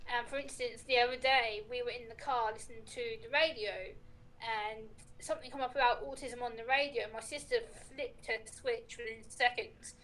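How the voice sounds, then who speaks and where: A woman guest chats casually and tells everyday stories full of quoted dialogue. Her voice sits high, and there is a faint hiss in the background. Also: fairly even intonation, moderate pace, a bit bright, rough recording. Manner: chatty, recounts talks with lots of quoted dialogue. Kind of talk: casual chat, storytelling.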